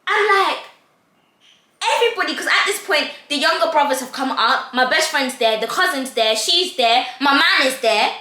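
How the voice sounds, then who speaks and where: Bright, animated young woman. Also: high-pitched, normal speed. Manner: dramatic, acts out every voice in the story. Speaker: storytime vlogger. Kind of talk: animated storytime. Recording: echoey room.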